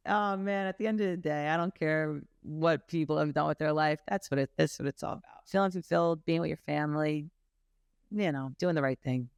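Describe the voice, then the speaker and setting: A woman guest on a podcast, telling stories candidly and with animated energy. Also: low-pitched, brisk, clear, resonant tone, no room sound, clean studio sound. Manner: lively, candid, animated storytelling, laughs. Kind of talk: casual interview chat.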